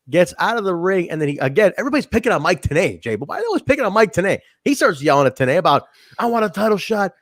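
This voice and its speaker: Casting note: male podcast co-host, lively up-and-down delivery, dry close sound, loose and profane. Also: sits high, no room sound. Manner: animated, rambling, swears and laughs easily. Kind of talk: casual wrestling review chat.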